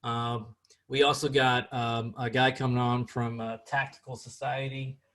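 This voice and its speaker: A man hosting a podcast, talking in a loose, rambling way. He stays upbeat and often stops to hunt for the right word. His voice sits at a middling pitch for a man. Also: level tone, measured pace, a bit bright. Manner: rambling, upbeat, gropes for words. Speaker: podcast host. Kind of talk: casual chat.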